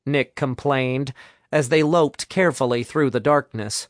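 A man narrating an audiobook in a measured storytelling manner, recorded in a studio booth. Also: mid-range voice, fairly even intonation, smooth, no echo.

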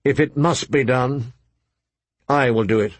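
A male narrator plays a grave, honorable lord, earnest and firm. His husky voice moves slowly, and the close recording is dry. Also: medium pitch, no room sound, close to an everyday voice. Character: grave, honorable man, a father.

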